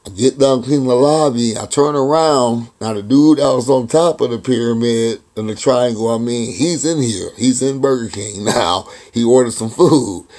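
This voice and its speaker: A man's voice: mid-range voice, moderate pace, hardly any pauses, darkish tone. A man vlogging, telling a personal story in a rambling, casual way, often chuckling and restarting his sentences.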